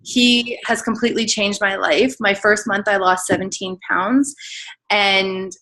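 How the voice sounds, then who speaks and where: A woman's voice: medium pitch, flat delivery, unhurried, sharp tone, rough recording. A woman in her thirties shares her personal story on a team call. She talks in a candid, emotional, chatty way, with plenty of filler words and the occasional restart. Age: 30s. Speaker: guest telling her weight-loss story.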